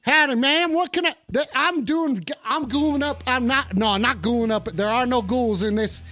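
A man's voice: very high-pitched, moderate pace, sharp tone. A man playing a stoned, blustering cowboy host of a comedic call-in radio show, with a drawling, swaggering, profane way of rambling.

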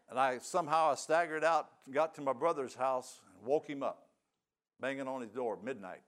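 A man's voice: mid-range voice, a little fast, a bit bright, slight background noise. An older man giving a sermon testimony, telling his story in a folksy, plain-spoken way. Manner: folksy storytelling with rural grammar.

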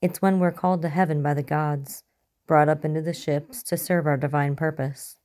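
Woman reads a calm male cult preacher, low and mellow, quietly menacing. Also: normal speed, lightly acted. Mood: serene. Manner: soft-spoken, unsettlingly calm.

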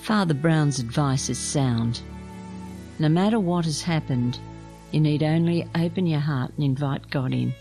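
Gentle woman reading a spiritual reflection. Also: low-pitched, unhurried, faint music behind. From Australia. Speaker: abbess giving a reflection.

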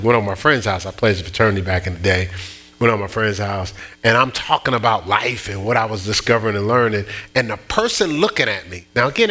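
Man preaching, bright forceful tone, personal storytelling, restarts and bursts of emphasis, faint mains hum. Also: on the low side. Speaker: pastor. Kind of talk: sermon.

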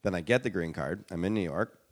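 A man in his thirties from Canada, a podcast guest telling animated stories in casual chat and acting out what people said. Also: deep voice, brisk. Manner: animated storyteller, acts out quotes. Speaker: podcast guest, improviser and pianist.

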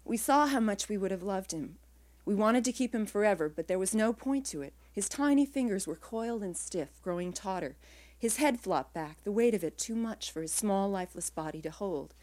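A woman writer reads her own literary prose aloud in a mid-range voice, quiet and measured, letting her phrases trail off softly.

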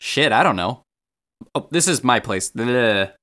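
A man's voice: mid-range voice, lively intonation, unhurried, pushed and bright. A man voice actor recording his lines, apologetic and tripping over his words.

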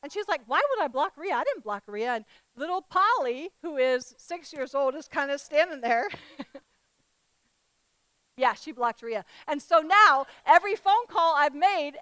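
Woman preacher, high pitch, storytelling sermon, dry close recording. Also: no room sound, low-quality recording. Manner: storytelling, animated acted-out quotes; emphatic repetition.

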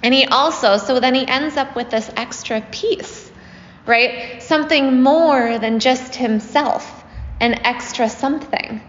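A woman's voice: sits high, takes it slowly, highs cut off. Give me a woman retelling a myth to a group, recorded in a reverberant hall. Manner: conversational, often asks "right?" with fillers. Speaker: storyteller teaching a group. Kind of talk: casual spoken retelling of a myth.

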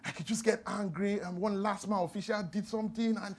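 A high-voiced man delivers a sermon as a pastor. He tells his points as playful stories, slipping into acted-out quotes and laughing along with them. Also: lively intonation, a little fast, hardly any pauses, breathy edge.

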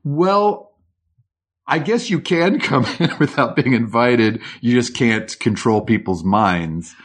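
A man's voice: medium pitch, lively intonation, slow pace. Wry man chatting about movies. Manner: wry, laughs often. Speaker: podcast co-host. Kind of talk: casual movie chat.

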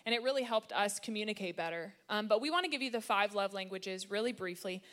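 A woman giving a playful sermon-style talk about marriage, lively and joking with the crowd. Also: mid-range voice, quick pace. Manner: lively, playful, sprinkles in funny put-on voices. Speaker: married speaker at church.

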